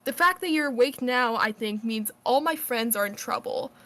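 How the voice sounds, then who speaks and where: A woman's voice: fairly high pitch, normal speed, pushed and bright. A woman reading a letter aloud as a cheerful, earnest girl, in her own voice.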